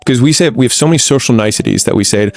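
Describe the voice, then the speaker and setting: A man speaking frankly in relaxed podcast conversation, telling stories bluntly with frequent restarts. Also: mid-range voice, racing, creaky, soft background music. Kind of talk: candid conversational storytelling.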